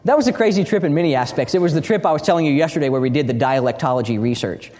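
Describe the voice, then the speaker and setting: A man from the United States giving a teaching talk in a large hall, a lively storyteller who often restarts and repeats his words. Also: fairly high pitch, rapid-fire. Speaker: speaker at a training session. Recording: long reverb of a big hall.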